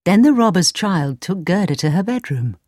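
A woman narrating a storybook in slow, clear, simple sentences. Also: fairly low pitch, sing-song, a little mellow, no echo, studio quality.

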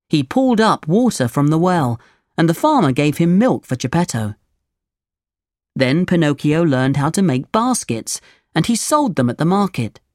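A woman reading a children's storybook aloud, slow, clear and expressive. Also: sits low, no room sound, clean studio sound.

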